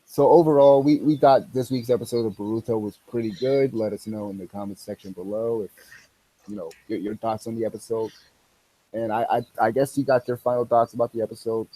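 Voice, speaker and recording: A man co-hosting a podcast, relaxed and casual, often repeating words as he goes. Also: mid-range voice, brisk, dry recording, poor audio. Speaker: podcast co-host. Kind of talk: casual chat.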